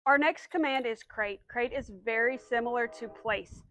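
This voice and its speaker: A woman's voice: fairly high pitch, normal speed, a bit bright, a little hiss or hum, poor audio. A woman dog trainer patiently explaining commands step by step, then giving the dog short firm cues. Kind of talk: instructional dog training demo.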